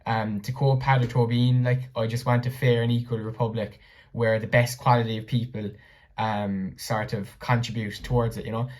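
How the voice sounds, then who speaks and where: Host: Irish man, mid-pitched voice, loose conversational delivery with lots of fillers. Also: level tone, normal speed, a little mellow. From Ireland. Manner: chatty, many fillers like "like" and "you know". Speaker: podcast host. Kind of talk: casual interview talk.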